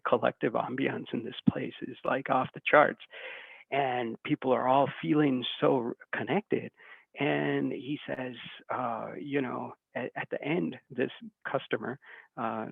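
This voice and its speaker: Gravelly man telling a story, tinny sound. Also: mid-range voice, no echo. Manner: animated storyteller, acts out quoted voices. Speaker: speaker giving a talk. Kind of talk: storytelling talk. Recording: tinny phone-like sound, dry.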